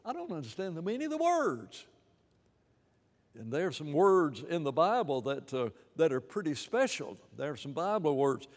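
A man preaching a sermon in an animated, rambling way, with many restarts and fillers. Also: fairly high pitch, moderate pace, long reverb tail.

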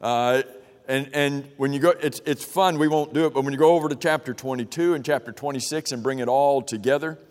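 A man's voice: mid-range voice, brisk, darkish tone. A man teaching an interactive Bible class in a church room, reading verses and questioning the group in a casual, conversational way with frequent restarts. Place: church meeting room with a projector. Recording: long reverb of a large room.

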